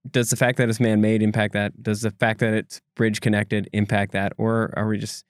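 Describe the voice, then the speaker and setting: A man's voice: fairly low pitch, level tone, moderate pace, no room sound, clean studio sound. A man co-hosting a podcast, explaining a local story in a loose conversational way with asides and restarts. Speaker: podcast co-host reporting. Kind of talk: casual podcast chat.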